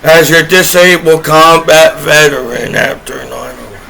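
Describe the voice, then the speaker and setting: High-voiced, bright man ranting. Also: level tone, moderate pace, creaky, slightly rough, poor audio. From United States. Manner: aggrieved, profane, repetitive, trailing restarts. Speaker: disabled combat veteran vlogger. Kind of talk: rambling profane rant to camera.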